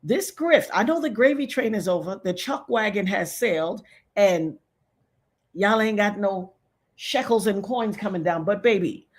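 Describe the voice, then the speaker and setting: A woman's voice: medium pitch, expressive, a little slow. A woman giving a sassy, emphatic commentary rant straight to her viewers, preaching at them. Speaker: social media commentator.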